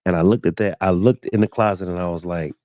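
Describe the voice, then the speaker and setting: A man in his thirties hosting a live talk stream, telling a personal story casually and acting out quoted lines with sudden high jumps in his voice. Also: fast, no room sound, studio quality. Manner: animated storyteller, acts out quotes with big pitch jumps. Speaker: show host. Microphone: studio mic, live stream.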